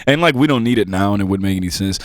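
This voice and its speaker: A man's voice: fairly low pitch, animated, rapid-fire, dry recording, studio quality. A man co-hosting a casual podcast, talking in loose slang and laughing often. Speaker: podcast co-host.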